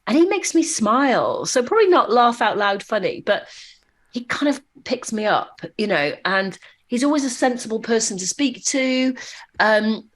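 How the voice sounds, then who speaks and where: A woman guest on an interview podcast, telling lively anecdotes with many fillers and restarts. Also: fairly high pitch, moderate pace. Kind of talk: conversational interview storytelling.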